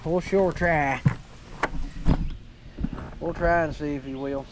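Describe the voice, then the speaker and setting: A man vlogging outdoors, excitable and coaxing, laughing often as he feeds his pig. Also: fairly high pitch, slow. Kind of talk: casual outdoor vlog chatter. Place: outdoors on a rural homestead. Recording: loud outdoor noise.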